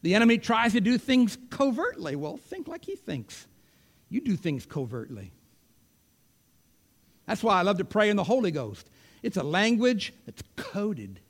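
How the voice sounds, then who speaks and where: A male preacher gives a sermon in a high, lively voice that rises and falls. He shifts from loud, emphatic declarations to sudden hushed whispers.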